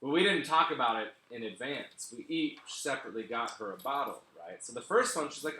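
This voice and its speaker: Sardonic comedian in an echoey room. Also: male voice, medium pitch, fast talker, hardly any pauses. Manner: sardonic, deadpan asides, laughs at his own jokes. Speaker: stand-up comedian. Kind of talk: stand-up set on a live stream.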